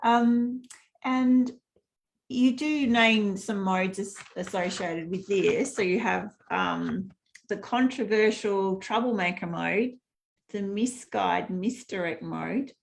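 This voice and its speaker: A woman hosts the interview and speaks slowly in an unhurried voice with a gravelly fry. She keeps her talk soft and adds murmurs of agreement as her guest speaks. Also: medium pitch, expressive. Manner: soft-spoken, with frequent listening murmurs. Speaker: interview host. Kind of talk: interview conversation.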